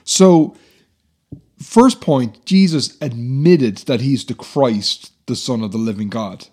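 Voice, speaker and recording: Man, mid-pitched, earnest teacherly explainer for a Bible talk. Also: expressive, slow, dark tone, slightly rough. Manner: earnest, explanatory, many fillers.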